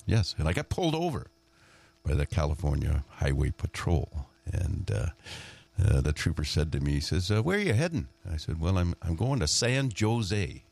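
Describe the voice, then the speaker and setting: Man, morning radio host, extremely deep voice, lively pitch, chatty and giggly. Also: normal speed, creaky, husky. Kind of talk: casual radio chat.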